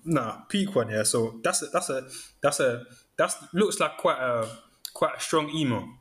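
A man's voice: medium pitch, animated, unhurried, a bit bright. A man chatting casually, acting out his inner thoughts in quoted asides. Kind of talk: casual chat.

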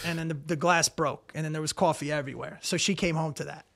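A middle-aged man hosting a casual comedy podcast, telling stories in an animated way, swearing and acting out quotes loudly. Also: on the high side, fast talker, creaky.

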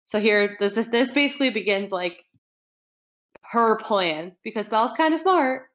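A woman's voice: a little high, animated, moderate pace, a bit bright. A young woman hosting a casual book read-along, chatty with lots of fillers. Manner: chatty, filler-heavy, laughs easily. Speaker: podcast host reading aloud.

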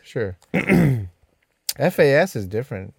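A young man co-hosting a casual comedy podcast, teasing with quick comebacks. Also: medium pitch, very animated, creaky, a little mellow, slightly rough, dry recording. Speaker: podcast co-host.

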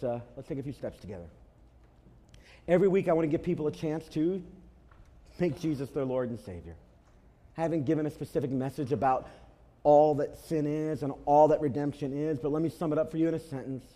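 A male pastor delivers a sermon in a church, his voice sitting a little high for a man. He tells stories with animation and leans on repeated words for emphasis. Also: a little fast. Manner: animated storytelling with emphatic repetition. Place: church before a congregation.

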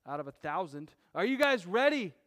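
A pastor with a notably high voice preaches to his congregation. He slips easily from relaxed, joking asides into loud, emphatic exhortation. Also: a little fast. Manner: casual and joking, building to emphatic shouting. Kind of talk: sermon.

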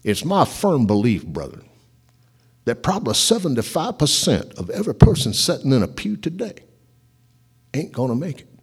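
A man's voice: mid-range voice, sing-song, moderate pace, breathy edge, heavily acted. A preacher doing an impression of an old male radio preacher with a Southern accent, drawling and emphatic. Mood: solemn. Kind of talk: sermon.

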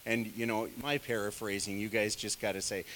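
A man's voice: on the low side, flat delivery, brisk, fairly bright tone, long reverb tail, slight background noise. A man leading a casual Bible study, talking in a rambling, digressive and self-deprecating way, full of conversational asides. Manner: many fillers, conversational asides. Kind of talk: casual teaching sermon.

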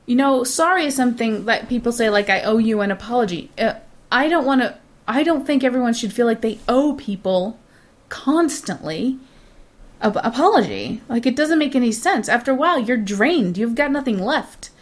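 Woman, podcast co-host, blunt, ranting, casual chat, slightly high voice. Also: lively intonation, moderate pace. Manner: blunt, ranting, laughs often.

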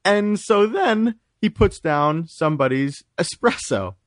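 A man co-hosting a podcast in casual chat, telling an anecdote with lively acted-out quotes. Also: high-pitched, slow, no echo. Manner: animated storytelling, acts out quoted voices. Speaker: podcast co-host.

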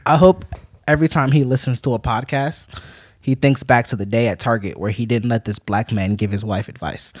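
A man co-hosting a podcast, telling a story in an animated, mock-angry rant. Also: medium pitch, dry recording, studio quality. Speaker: podcast co-host. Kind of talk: casual podcast chat, storytelling.

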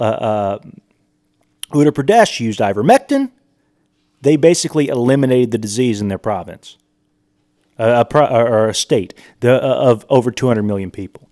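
A man's voice: medium pitch, warm tone. A man hosting a podcast, reading quotes aloud and commenting on them in an emphatic, incredulous way. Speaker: podcast host. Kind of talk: monologue reading and commenting on sources.

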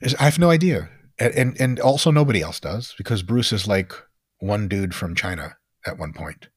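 A man speaking as a guest expert on a podcast, explaining training science bluntly and emphatically and sometimes swearing, in quick lecturing runs. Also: fairly low pitch, lively intonation, slightly rough, dry recording, studio quality. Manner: blunt, emphatic, sprinkles in profanity. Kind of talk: podcast interview talk.

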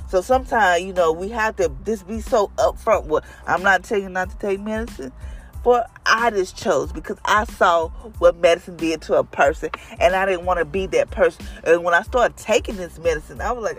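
A woman's voice: fairly low pitch, fairly quick, soft background music. A middle-aged woman and mother giving an earnest faith testimony to her viewers, stressing her points by repeating phrases. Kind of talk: heartfelt faith talk to viewers.

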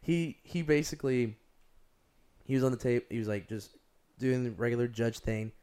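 A young man telling stories in a rambling, animated way, using "like" over and over. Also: mid-range voice, normal speed, clean tone. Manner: rambling, heavy use of "like", animated storytelling. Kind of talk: casual chat.

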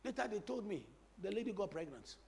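A man preaching from the pulpit in a very high voice that leaps up and down with lively energy. He repeats phrases for emphasis and jokes with his congregation as he goes. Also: fairly quick, gravelly. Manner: animated preaching with repetition and crowd-teasing humor. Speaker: pastor. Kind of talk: sermon.

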